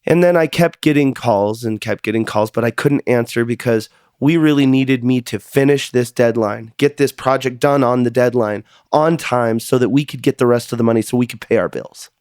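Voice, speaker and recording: A man's voice: mid-range voice, moderate pace, few pauses, darkish tone, clear, resonant tone, no room sound, studio quality. A man hosting a podcast, telling a personal story in an earnest, confessional way and sometimes repeating words as he goes. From United States. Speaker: podcast host.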